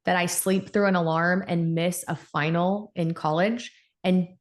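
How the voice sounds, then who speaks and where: A woman in her forties, an endocrinologist guest on a podcast, telling stories in an animated, conversational way. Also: on the low side, unhurried. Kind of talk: casual podcast interview.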